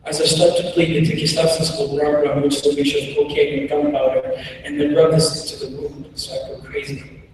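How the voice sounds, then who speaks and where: A man's voice: a little high, very animated, a little hiss or hum. Man's keynote story echoing through a hall. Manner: slow, measured storytelling with dramatic pauses. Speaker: keynote speaker. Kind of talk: personal story told as a keynote speech. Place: large conference hall. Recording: echoey hall recorded from far off.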